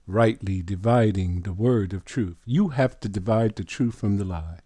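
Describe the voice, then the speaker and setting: A male preacher giving a Bible teaching in a deliberate, emphatic sermon style, stretching out key words. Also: lowish voice, mellow, dry recording, clean studio sound.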